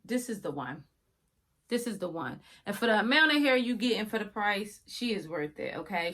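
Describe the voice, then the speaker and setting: A woman casually reviewing a wig for her viewers, chatty and often yelling with excitement. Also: mid-range voice. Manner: chatty, addresses viewers as y'all.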